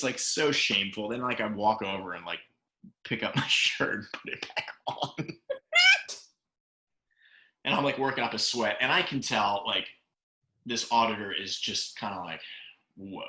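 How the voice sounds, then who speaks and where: A man co-hosting a podcast, telling a story in a casual, animated way, laughing often and acting out what people said. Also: lowish voice, moderate pace, pauses often. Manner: animated, laughs often, acts out quoted lines. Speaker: podcast co-host. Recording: roomy echo.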